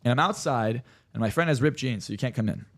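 A man, a hypnotherapist on a podcast, telling stories in a rapid, animated and profane way. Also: medium pitch. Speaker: hypnotherapist guest. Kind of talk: casual podcast chat.

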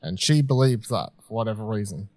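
A man co-hosting a podcast, his voice moving lively up and down. He hedges his points, and the sound is dry and close. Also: on the low side, fairly quick, no echo. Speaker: podcast co-host. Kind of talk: casual chat.

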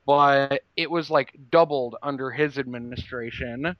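A man's voice: mid-range voice, measured pace, dry recording, highs cut off. A man hosting a casual podcast, rambling with many fillers. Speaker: podcast host.

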